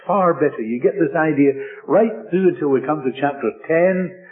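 A man preaching a sermon in a measured, emphatic way, stressing his points through repetition. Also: on the high side. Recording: tinny lo-fi radio broadcast with faint music.

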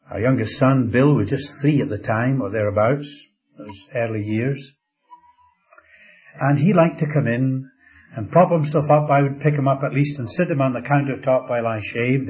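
Older male preacher, slow dramatic sermon delivery with hushed drops, mid-pitched, slightly muffled lo-fi recording. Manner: slow, dramatic storytelling with soft drops to a hush.

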